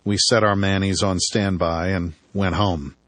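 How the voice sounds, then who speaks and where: A man's voice: deep voice, steady tone, a little slow, fairly bright tone, dry recording. A man narrating a first-person audiobook with dry, wry storytelling.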